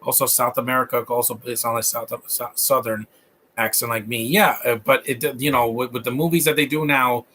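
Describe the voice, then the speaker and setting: A man's voice: medium pitch, fairly even intonation, fairly quick, pushed and bright, a little hiss or hum. A man with a Latino accent hosting a live stream and chatting loosely about films, rambling and often restarting his sentences. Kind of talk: casual film commentary.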